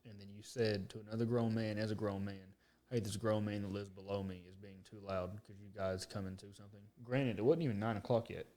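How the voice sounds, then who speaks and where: Fast-talking man telling a profane story. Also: fairly low pitch. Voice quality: profane, animated storyteller who acts out quotes. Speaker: podcast co-host. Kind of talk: casual storytelling chat.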